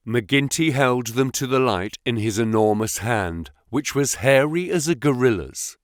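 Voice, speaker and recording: Guy narrating an audiobook, expressive lively voice, dry close mic. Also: mid-range voice, unhurried, hardly any pauses, no room sound. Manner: expressive storytelling. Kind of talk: scripted narration.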